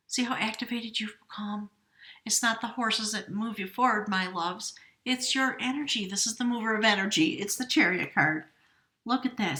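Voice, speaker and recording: Breathy, gushing woman tarot reader. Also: on the high side, fairly bright tone, roomy sound. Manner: emotional, breathy asides and whispered exclamations. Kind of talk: tarot reading monologue.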